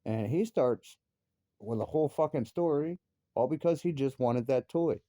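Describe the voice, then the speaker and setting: This heated personal rant comes from a father with a mellow, mid-range voice speaking at normal speed. He swears heavily about his family, and his voice jumps into angry outbursts in clean, echo-free studio sound.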